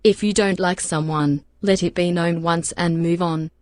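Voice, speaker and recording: A text-to-speech woman's voice reading out viewer donation messages flatly. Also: on the low side, moderate pace, dry recording. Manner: flat synthetic reading.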